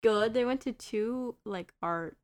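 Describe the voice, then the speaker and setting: A young woman co-hosting a casual podcast, laid-back and quick to laugh along with her co-host. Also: on the high side. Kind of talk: casual chat.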